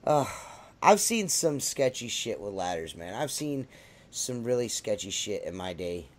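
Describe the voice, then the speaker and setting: A man's voice: on the low side, sing-song, unhurried. Brash, foul-mouthed podcast host man. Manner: brash, profane ranting. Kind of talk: casual podcast banter.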